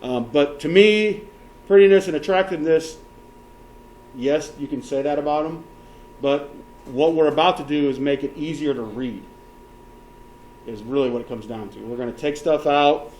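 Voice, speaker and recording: A man's voice: on the high side, moderate pace, pauses often, darkish tone, a little hiss or hum. Male teacher walking a class through steps. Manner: checks in often with the class, counts options aloud. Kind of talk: classroom software tutorial.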